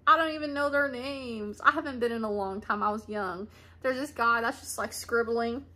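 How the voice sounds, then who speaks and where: Bright-voiced female vlogger in her twenties, casual storytime, rambling, laugh-prone. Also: on the high side. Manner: chatty, rambling, laughs often. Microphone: camera mic.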